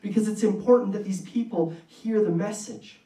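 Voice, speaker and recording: A man's voice: high voice, normal speed, mellow, echoey room, far from the mic, pitched above the performer's own voice, lightly acted. A man voicing a determined male apostle who speaks urgently and emphatically.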